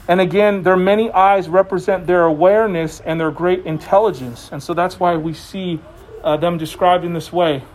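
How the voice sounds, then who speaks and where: A man's voice: sits high, a little hiss or hum. A male preacher giving a sermon in a conversational way, with jokes between the teaching. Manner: conversational and joking.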